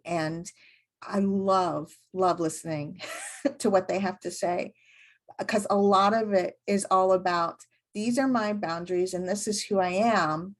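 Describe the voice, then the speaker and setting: Woman podcast cohost, thinks out loud, lots of um and pauses, mid pitch. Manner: thoughtful, many fillers and restarts. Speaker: podcast co-host, medium. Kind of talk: reflective casual chat.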